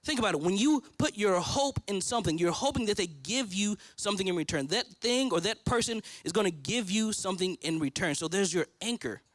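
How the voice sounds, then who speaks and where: High-voiced man preaching a personal sermon. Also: lively intonation, brisk, few pauses, a bit bright, dry recording. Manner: storytelling preacher, acts out his own prayers. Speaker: pastor. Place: church stage.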